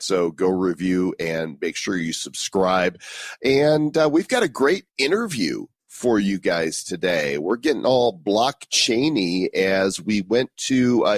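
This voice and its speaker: A male podcast host with a somewhat low, breathy-edged voice, trading jokes and reading fan reviews. The recording is dry and close, with no room sound around him. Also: dry recording. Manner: joking, reads listener reviews aloud. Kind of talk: casual podcast banter.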